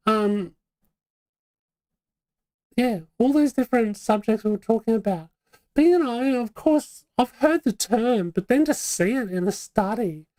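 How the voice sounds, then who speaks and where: A woman's voice: mid-range voice, warm tone, no echo. A woman hosting a live vlog, chatting in a rambling, casual way with plenty of fillers and restarts. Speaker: vlog host. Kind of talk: casual live-stream chat.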